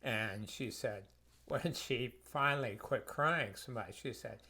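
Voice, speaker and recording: A man's voice: medium pitch, slow pace, bright, forceful tone, slightly rough. A man who works as a health practitioner, telling reflective personal stories in a conversational way for a course video.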